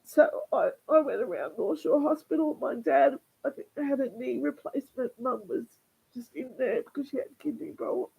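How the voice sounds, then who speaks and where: Husky-voiced woman rambling. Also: high-pitched, animated, phone-quality sound. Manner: rambling, halting with repeated words. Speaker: vlogger. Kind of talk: casual livestream monologue.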